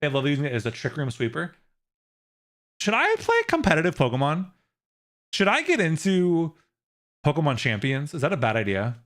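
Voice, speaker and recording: A man's voice: fairly high pitch, big pitch swings, moderate pace, pauses often, a bit bright. A man streaming live, chatting casually with his viewers, rambling and laughing often, with many restarts.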